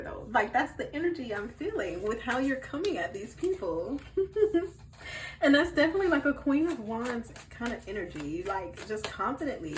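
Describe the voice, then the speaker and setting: A woman giving a casual tarot card reading to her viewers in a chatty way, swinging from soft murmurs to loud bursts. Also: fairly high pitch, animated, moderate pace, slight background noise, poor audio. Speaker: tarot reader.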